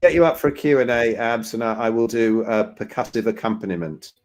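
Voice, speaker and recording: A man's voice: medium pitch, brisk, a little mellow. A man co-hosting a live Q&A on a video call, joking and bantering with his co-host. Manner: jokey, bantering. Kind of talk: casual live Q&A chat.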